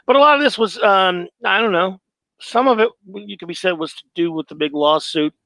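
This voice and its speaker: Brief: male stream host, high voice, rambling sarcastic commentary. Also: a little fast, creaky, sharp tone, no echo, poor audio. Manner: sarcastic, rambling, self-mocking. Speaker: host reading his own film review. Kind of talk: live stream commentary reading.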